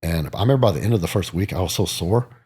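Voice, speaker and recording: A man in his forties tells his stories at a brisk clip, in a very deep and husky voice. He is animated and acts out the other people in his stories. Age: 40s. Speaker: guest, bodybuilder. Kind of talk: casual storytelling interview.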